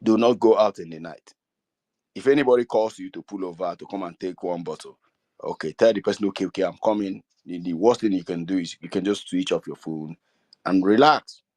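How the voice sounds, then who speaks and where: A middle-aged Igbo man with a Nigerian accent addresses an online gathering. His voice sits low and the sound is dry and close. He talks earnestly, repeats himself and pleads with his audience. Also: a little fast, darkish tone, no room sound. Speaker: community speaker. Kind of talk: speaking to an online meeting.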